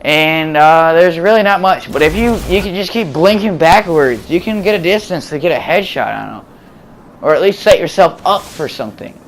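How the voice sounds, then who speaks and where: A man's voice: a little high, expressive, moderate pace, a little hiss or hum. Rambling man narrating game footage. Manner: rambling, full of fillers and restarts. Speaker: gameplay commentator. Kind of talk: casual voice-over commentary on gameplay footage.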